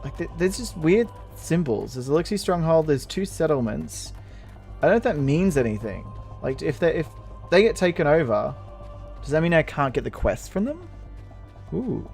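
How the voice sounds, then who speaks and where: A man hosting a gameplay video, talking casually as he plays. He rambles, gets excitable and laughs often, in a slightly high voice. Faint music plays in the background. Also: normal speed, creaky.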